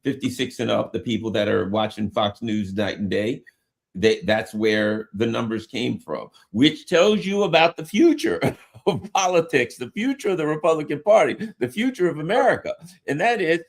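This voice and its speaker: A man's voice: mid-range voice, lively intonation, normal speed, gravelly. A man hosting a political talk show, talking conversationally and walking through numbers.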